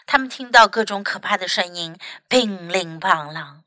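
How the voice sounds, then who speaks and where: A woman English teacher reading a picture book aloud in two languages, slow and expressive. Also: mid-range voice, no room sound.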